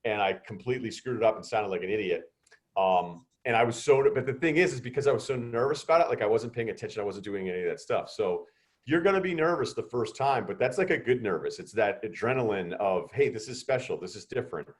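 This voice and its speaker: A middle-aged man telling students a story over a video call, animated and acting out the voices of others. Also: on the low side, fast talker. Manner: animated, acts out quoted voices. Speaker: guest speaker.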